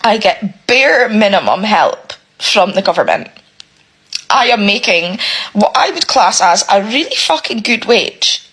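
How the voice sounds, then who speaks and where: A woman's voice: medium pitch, big pitch swings, measured pace, fairly bright tone, slightly rough, low-quality recording. A woman, a single parent, ranting emotionally to camera, close to tears and swearing often. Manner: swears heavily, repeats herself, exasperated. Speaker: single parent sharing her struggles. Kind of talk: emotional personal rant to camera.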